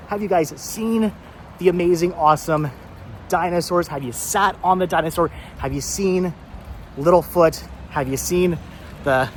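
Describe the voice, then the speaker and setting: Eager male vlogger, a little high, outdoors with faint road noise behind. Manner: enthusiastic, repeats himself, laughs often. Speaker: vlogger host. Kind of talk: casual vlog narration. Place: outdoors at a car wash by a road. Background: faint traffic and honking.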